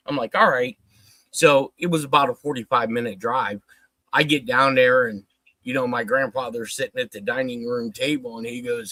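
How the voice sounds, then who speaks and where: Man, storyteller type, profane and animated, quotes everyone, mid pitch, dry close mic. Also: moderate pace, dry recording, low-quality recording. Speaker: guest telling a story. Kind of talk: casual storytelling on a livestream.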